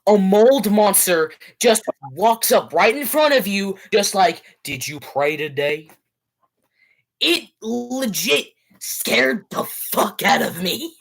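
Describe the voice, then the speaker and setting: A woman's voice: medium pitch, lively intonation, takes it slowly, gravelly, few pauses. A woman co-hosting a casual game review podcast, talking animatedly, swearing and acting out game characters. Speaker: podcast co-host.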